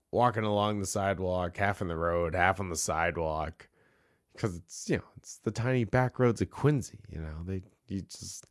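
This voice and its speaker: A man's voice: sits low, no room sound, studio quality. A man hosting a casual solo podcast, telling an anecdote and laughing often as he goes. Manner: laughs often through the story. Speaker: podcast host. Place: small home bar.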